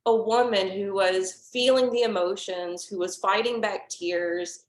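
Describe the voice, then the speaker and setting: A woman in her forties, a yoga teacher talking through a gentle class in a soft, halting, heartfelt way. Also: medium pitch, steady tone. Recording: echoey room.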